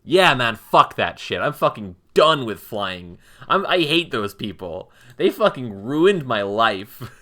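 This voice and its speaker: A man's voice: mid-range voice, very animated, slow pace, few pauses, bright, forceful tone, pitched below the performer's own voice, exaggerated voice. A woman putting on an exasperated adult man who crudely rants that he is sick of people flying. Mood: fed up. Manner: crude, exasperated mock ranting.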